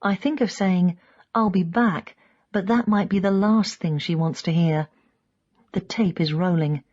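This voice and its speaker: Woman reading a memoir-style audiobook, low-ish and calm, muffled lo-fi audio. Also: measured pace. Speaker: audiobook narrator. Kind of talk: first-person audiobook narration.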